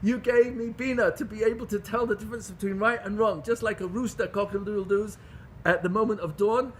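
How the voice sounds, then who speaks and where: Rabbi, middle-aged man, high-pitched, emphatic and repetitive, lecturing. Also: steady tone, fairly quick, slight background noise. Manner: emphatic, repeats phrases for stress, rhetorical questions. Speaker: rabbi teaching a class. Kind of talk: lively Torah lecture.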